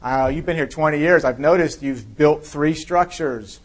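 A man's voice: on the high side, moderate pace, lightly acted. A male pastor voicing a curious ship's captain in a joke, asking plain questions.

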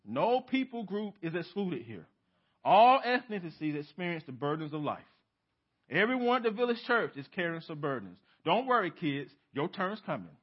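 A male pastor preaching a sermon in a church, emphatic, asking rhetorical questions and swinging from loud to hushed. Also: high-pitched, very animated, moderate pace, husky. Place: church sanctuary. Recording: dull lo-fi sermon recording.

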